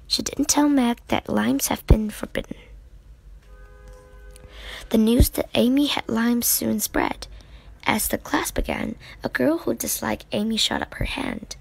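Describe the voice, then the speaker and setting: A woman reading a children's book aloud in an unhurried way, with small slips. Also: on the high side, vocal fry, husky, in a whisper. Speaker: storybook reader.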